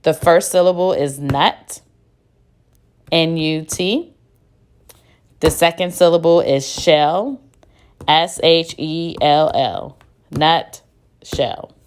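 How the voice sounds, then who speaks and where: A woman's voice: low voice, very slow, long pauses, clear, resonant tone. A woman teacher giving a phonics lesson, patiently sounding out and spelling words one syllable at a time. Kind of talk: phonics lesson, slow and deliberate.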